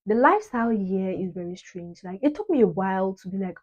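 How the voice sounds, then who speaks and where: A woman's voice: medium pitch, normal speed, husky, low-quality recording. Chatty young woman from Cameroon. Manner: animated, repeats phrases for emphasis, playful asides. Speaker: vlogger. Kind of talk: casual chat to camera.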